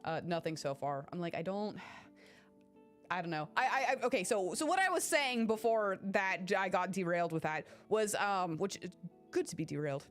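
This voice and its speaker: Excitable swearing woman streamer, faint music. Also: lowish voice, normal speed. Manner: excitable, swears freely, talks to chat by name. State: recovering from illness. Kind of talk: casual live-stream chat.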